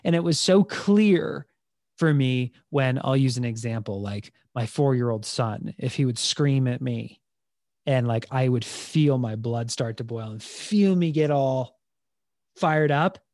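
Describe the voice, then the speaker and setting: A man in his thirties, a podcast guest, telling stories in an earnest, animated way. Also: medium pitch, measured pace, no room sound, clean studio sound. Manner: earnest, animated, acts out quotes. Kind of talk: conversational storytelling.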